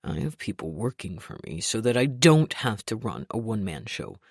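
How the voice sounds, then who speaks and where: A woman voicing a short-tempered male billionaire boss who talks in a clipped, rough way. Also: extremely low pitch, sing-song, normal speed, no echo, studio quality, voice pushed down, exaggerated voice. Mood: angry.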